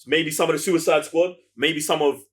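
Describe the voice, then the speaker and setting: A man's voice: fairly high pitch, fairly even intonation, moderate pace. A man, co-hosting a casual podcast chat and repeating words for emphasis. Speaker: podcast co-host.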